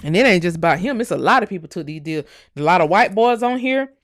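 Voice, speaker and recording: A woman's voice: on the low side, animated, quick pace, no room sound. Fiery profane woman host, dry sound. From United States. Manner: profane, emphatic, repeating phrases. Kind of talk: heated live-stream rant.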